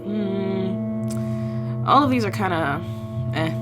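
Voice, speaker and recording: A woman's voice: lowish voice, moderate pace, over loud music. A woman reading a visual novel aloud, voicing the heroine's thoughts and adding wry, self-mocking asides. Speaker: game streamer.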